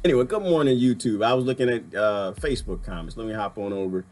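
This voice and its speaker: A man hosting a casual livestream, ranting in an animated way and laughing often as he reads viewer comments. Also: lowish voice, quick pace. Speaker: livestream host.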